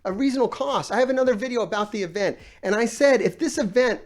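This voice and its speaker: A man's voice: extremely high pitch, fast talker. A man ranting on a gaming live stream, exasperated and sarcastic, swearing often while he reads out comments.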